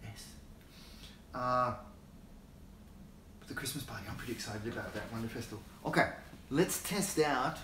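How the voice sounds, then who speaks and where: A man's voice: medium pitch, normal speed, long pauses, a bit bright, echoey room, a little hiss or hum. An Australian man hosting a casual livestream, rambling and chuckling as he greets viewers by name, talking into a phone held in his hand. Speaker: hobby channel host.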